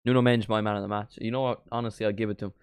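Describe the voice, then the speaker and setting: Young guy doing a live footy watchalong, dry close mic, yells at the big chances. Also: fairly low pitch, rapid-fire, clean tone, dry recording. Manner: excitable, shouts at big moments, chats to stream viewers. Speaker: watchalong streamer. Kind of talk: live football watchalong commentary.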